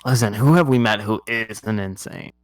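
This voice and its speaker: A man's voice: on the low side, moderate pace, dry recording. A man narrating a tabletop game as game master in a laid-back, playful way.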